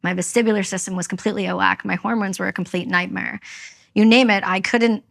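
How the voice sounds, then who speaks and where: A woman's voice: mid-range voice, steady tone, fast talker, gravelly, a bit bright. A woman from Canada, a veteran and podcast guest, telling her story candidly and with emphasis, acting out what others said. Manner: candid, emphatic, acts out quoted speech. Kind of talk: personal storytelling in interview.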